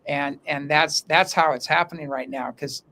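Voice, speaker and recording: A man talking as a guest in a casual interview, telling stories in an animated way with frequent restarts, speaking from an underground room. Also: a little high, normal speed, a little hiss or hum. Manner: animated, talkative storyteller with many restarts.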